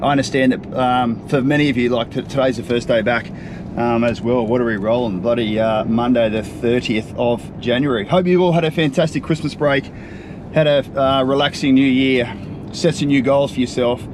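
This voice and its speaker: A man's voice: medium pitch, steady tone, normal speed. A man with an Australian accent hosting a casual vlog, talking in a chatty, upbeat way with a lot of ums and uhs while he drives. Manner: chatty and upbeat, with frequent fillers. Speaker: property coach and show host. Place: in a vehicle on a drive. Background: faint road and traffic noise.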